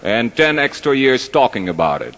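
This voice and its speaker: A man's voice: mid-range voice, sing-song, moderate pace, fairly bright tone, slight background noise. A man telling jokes on stage at a live show, chatty and rambling, poking fun at himself. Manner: chatty, rambling, self-deprecating. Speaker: stage performer. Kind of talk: live stand-up joke telling. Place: large hall with live audience. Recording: long hall reverb.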